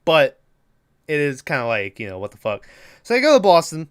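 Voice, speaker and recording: A man co-hosting a podcast, casually retelling a movie plot with lots of swearing and quick impressions of the characters. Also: fairly high pitch, huge pitch swings, clean tone. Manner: rambling, swears freely, acts out characters' lines. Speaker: podcast co-host. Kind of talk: casual movie recap chat.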